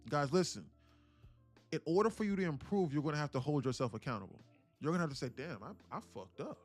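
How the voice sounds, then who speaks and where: Blunt casual male streamer, fairly high voice, faint music underneath. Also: expressive, fast, dry recording. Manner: emphatic, blunt, keeps calling out to viewers; casual with swearing. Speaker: day trading streamer. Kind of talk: live-stream coaching talk.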